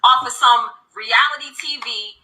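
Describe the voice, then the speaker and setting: A woman's voice: a little high, sharp tone. A woman in her thirties from reality TV, telling her side of a story in a candid interview, emphatic and indignant. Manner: emphatic, indignant, fast-talking. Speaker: reality TV cast member. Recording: roomy echo.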